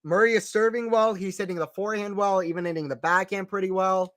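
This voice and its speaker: A fairly high-pitched man calls a tennis match live for his stream, upbeat and chatty. He keeps repeating lines and talks straight to viewers between points. The sound is dry and close. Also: quick pace, no room sound. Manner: excited, chatty, repeats phrases, reads out chat. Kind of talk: casual play-by-play tennis commentary.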